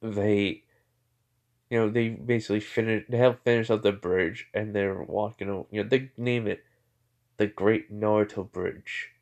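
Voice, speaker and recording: A man's voice: on the low side, steady tone, unhurried, a little mellow. A man casually making up a fan fiction story aloud, rambling with lots of "like" and "you know" and often correcting himself.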